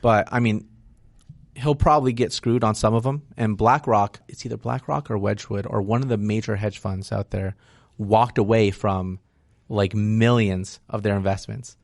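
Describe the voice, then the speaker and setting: A man's voice: on the low side, fairly even intonation, normal speed, creaky, darkish tone, no room sound, clean studio sound. A man speaking as a real estate investor guest in a casual interview, frank and explanatory, often tagging "right?" onto his points.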